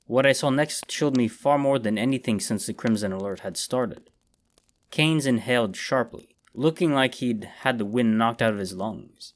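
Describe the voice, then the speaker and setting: A man reading a horror story aloud in a measured, dramatic narration. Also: medium pitch.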